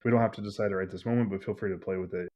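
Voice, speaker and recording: Deep-voiced male game master, loose and rambling, lots of "like" fillers. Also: steady tone, very fast, highs cut off. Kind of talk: narrating a tabletop game.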